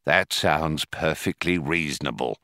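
A man voicing a worried, flustered middle-aged official who answers in slow, hesitant bits in a storybook reading. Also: a bass voice, huge pitch swings, bright, forceful tone, no room sound, studio quality, voice pushed down, exaggerated voice.

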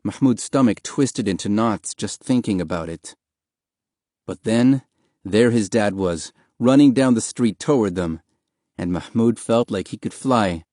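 A man narrating an audiobook in a steady, measured storytelling manner, recorded on a close studio mic. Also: lowish voice, no echo.

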